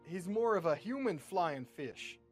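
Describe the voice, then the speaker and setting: A man's voice: high-pitched, animated, a little slow, faint music behind. A man voicing a naive, folksy cowboy gunslinger who talks in a polite, old-fashioned way. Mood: proud.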